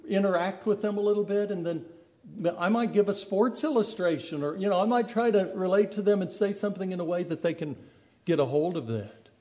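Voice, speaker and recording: A man delivers a sermon in an easy, conversational manner, slipping into the voices of people he quotes. His voice sits a little high for a man, with a mellow, soft-edged tone. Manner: conversational, acts out quoted speech. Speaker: preacher.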